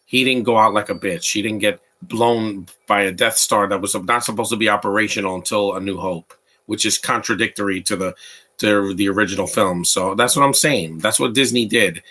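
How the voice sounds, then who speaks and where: A man's voice: on the low side, fairly quick, pushed and bright. A man giving casual live commentary on a movie, rambling and opinionated as he answers his chat. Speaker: live watch-along commentator.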